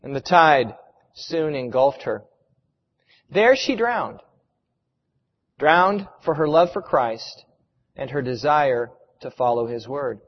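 A man preaching a sermon, retelling a story with dramatic, emphatic pauses. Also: mid-range voice, lively intonation. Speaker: pastor. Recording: reverberant hall, muffled sound.

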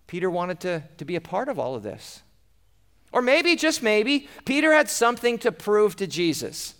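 A man's voice: high-pitched, a bit bright. A man preaching a sermon, retelling a scripture story dramatically with rhetorical questions.

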